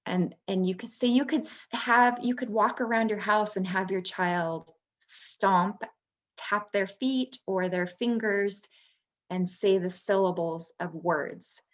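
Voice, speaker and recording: A woman's voice: mid-range voice, slow. A woman, a former third grade teacher, explaining reading skills to parents in a patient presentation with frequent ums. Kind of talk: instructional webinar presentation.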